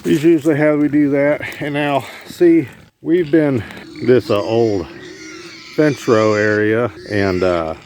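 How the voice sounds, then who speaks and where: With a steady, darkish mid-range voice, a middle-aged man slowly narrates his outdoor farm chores for his homestead vlog, rambling and filling gaps with fillers. Recorded on a handheld camera, the audio is noisy, with animals and a vehicle in the background.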